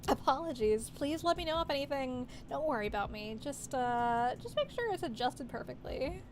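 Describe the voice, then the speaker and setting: Run Run, a woman doing a soft-spoken lounge host. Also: sits high, expressive, normal speed, a little hiss or hum. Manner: soft, courteous, attentive. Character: calm, polite young woman running a hookah lounge.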